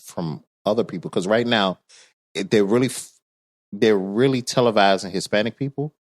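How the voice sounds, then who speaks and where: A man co-hosting a podcast in casual chat, emphatic and animated, often asking "you know what I'm saying". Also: lowish voice, normal speed, no room sound, studio quality. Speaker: podcast co-host.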